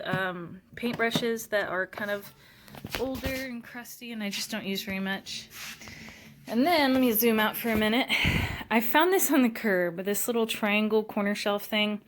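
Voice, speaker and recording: A woman's voice: medium pitch, fairly bright tone. Woman, young adult, casual vlogger, rambling tour, faint hiss behind. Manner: chatty, many fillers and restarts. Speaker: vlogger giving a studio tour. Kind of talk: casual chat.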